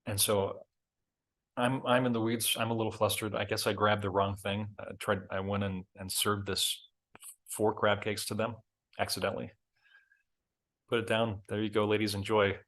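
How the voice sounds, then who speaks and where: A man's voice: fairly low pitch, normal speed, pauses often. A middle-aged man hosting a reflective talk, telling a story in a candid, self-deprecating way. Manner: candid, self-deprecating, animated when reenacting. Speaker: host.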